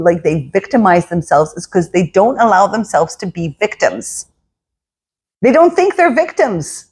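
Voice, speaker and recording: A woman's voice: mid-range voice, breathy edge. A woman working as a spiritual coach, giving a casual motivational talk and acting out inner voices in quotes.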